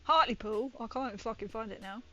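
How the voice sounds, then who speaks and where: A woman's voice: medium pitch, moderate pace, fairly bright tone. A woman chatting casually as she paints miniatures, rambling and swearing now and then. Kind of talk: casual chat while painting.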